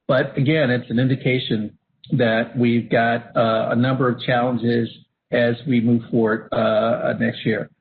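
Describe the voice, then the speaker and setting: A man moderating a webinar and walking through slides, halting with many fillers and restarts, coughing at times. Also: medium pitch. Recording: phone-line audio with faint hiss.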